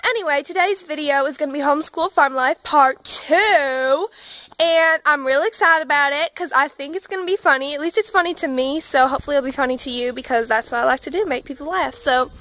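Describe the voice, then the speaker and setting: A woman's voice: sits high, a little fast, a bit bright, no echo. A woman introducing her video in a chatty, upbeat way. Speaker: vlogger.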